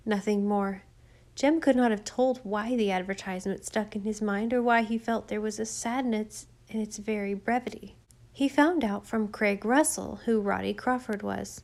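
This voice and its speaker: A woman narrating a children's story in a gentle, even storytelling voice. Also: medium pitch, moderate pace, gravelly. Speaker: audiobook narrator.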